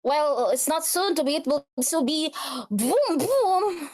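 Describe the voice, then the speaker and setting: A woman's voice: high-pitched, lively intonation, takes it slowly, darkish tone, pitched above the performer's own voice, heavily acted. A woman voicing a brash male half-brother with an attempted Southern drawl, rambling and folksy in a tabletop game. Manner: folksy, rambling, loose with swearing. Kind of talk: tabletop role-play character voice.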